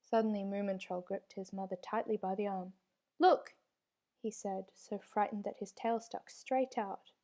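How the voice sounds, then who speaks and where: A woman reading a children's storybook aloud with steady, expressive narration. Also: medium pitch, moderate pace, hardly any pauses. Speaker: reader.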